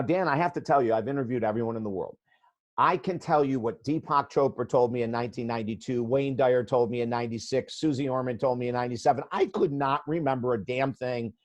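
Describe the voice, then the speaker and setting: An older man in his sixties tells a story as a guest on a podcast. His delivery is animated, blunt and emphatic, in a mid-range voice of ordinary pitch. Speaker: guest author and life coach.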